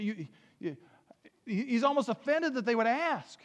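A man's voice: extremely high pitch, very animated, normal speed, a bit bright, lo-fi sound. A pastor in his fifties preaching a sermon, earnest and building to emphatic peaks as he reads scripture aloud. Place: church sanctuary. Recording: long hall reverb.

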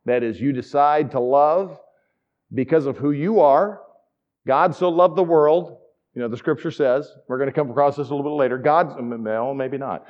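A man's voice: a little high, lively intonation, moderate pace, highs cut off. A man preaching a sermon in a conversational, enthusiastic teaching manner with asides. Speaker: pastor.

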